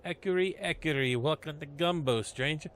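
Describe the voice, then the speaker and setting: A streetwise male gatekeeper, as a man reads him out, slangy and sardonic. The voice sits fairly high for a man. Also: moderate pace, fairly bright tone, slight background noise, natural voice. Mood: welcoming. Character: gruff male compound gatekeeper, wry and streetwise.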